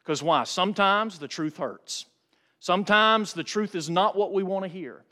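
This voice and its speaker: A man with a high, bright-edged voice preaching a sermon. He builds his points with dramatic pauses, then pushes up in pitch and volume for emphasis. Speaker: pastor.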